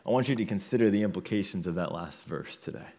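Low-voiced male pastor preaching. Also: lively intonation, fast talker, warm tone. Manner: earnest, building in intensity with repeated phrases. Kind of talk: sermon.

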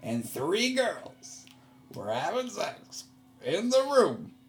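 A man's voice: sits high, very animated, slow, soft background music. A man co-hosting a podcast, telling a story in a wry, self-deprecating way and acting out his own quoted lines. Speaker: podcast co-host. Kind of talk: casual storytelling chat.

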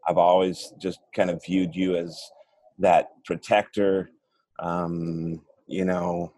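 A man from Arizona, a real estate agent, chatting over a video call as a guest, halting as he holds back emotion. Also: low voice, little pitch movement, warm tone, dry recording.

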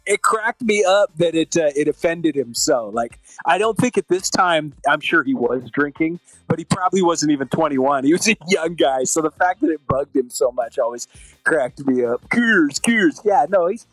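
A man's voice: fairly high pitch, animated, moderate pace, a bit bright, no echo, faint music behind, rough recording. Laid-back man chatting on a podcast. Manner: laughs often, easygoing banter. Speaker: podcast co-host. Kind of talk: casual podcast chat.

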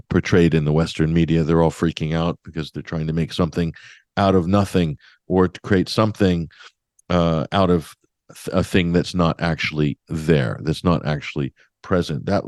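A man's voice: sits low, darkish tone, no echo, clean studio sound. A man hosting a radio talk show, giving opinionated commentary in a sardonic, emphatic way with mocking asides.

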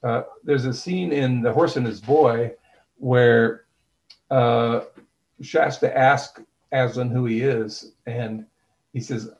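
A man's voice: mid-range voice, steady tone, slow, highs cut off. A man being interviewed as an author, speaking thoughtfully with frequent fillers and restarts, and retelling scenes in quoted dialogue. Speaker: author and guest.

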